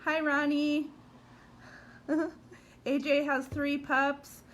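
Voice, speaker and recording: A woman's voice: high-pitched, level tone, extremely slow, a bit bright. A woman hosting a casual livestream from her dining room, bubbly and greeting viewers by name. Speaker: livestream host. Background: rain and a barking puppy.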